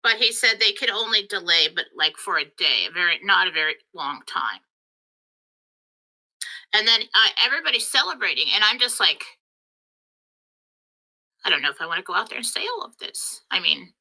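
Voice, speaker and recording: A woman hosts her spiritual channel with an intensely bright, sharp-edged voice. She talks in a casual, emotional monologue, hurrying eagerly from one beat to the next at an everyday middle pitch. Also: rough recording. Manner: excitable, emotional, rushing through her story.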